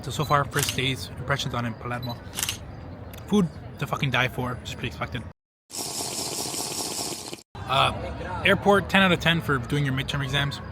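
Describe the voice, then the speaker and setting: A man's voice: medium pitch, normal speed, long pauses, noisy background. A young man chatting casually to a handheld camera as a travel vlogger, swearing often and rambling through his stories. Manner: profane, rambling storyteller.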